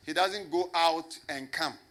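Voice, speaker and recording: A man's voice: fairly high pitch, fairly bright tone. Emphatic preacher man with a raised voice. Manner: emphatic, repeats phrases and asks the congregation rhetorical questions; slows down to stress key words. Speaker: pastor. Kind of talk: sermon.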